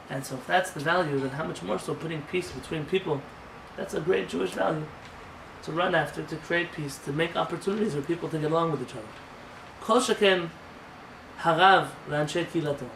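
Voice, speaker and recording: A man's voice: fairly high pitch, a little fast, gravelly. A man, a rabbi, teaching an informal class in a conversational, emphatic way, often asking rhetorical questions. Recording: roomy sound from a distant mic with faint noise.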